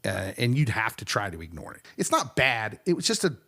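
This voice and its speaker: A man co-hosting a casual pop culture podcast, animated and laughing often. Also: medium pitch, fairly quick. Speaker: podcast co-host. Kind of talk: casual chat.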